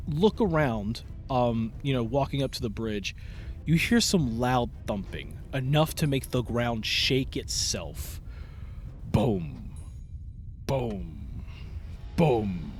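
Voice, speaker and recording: Animated man running a tabletop game, rambling with fillers, faint music behind. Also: mid-range voice. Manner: lively, meandering, many fillers. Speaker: game master.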